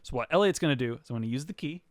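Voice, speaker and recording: A man's voice: medium pitch, lively intonation, very fast, no room sound, studio quality. A man co-hosting a podcast, telling a story in a rambling, laughing way. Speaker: podcast co-host. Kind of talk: casual chat.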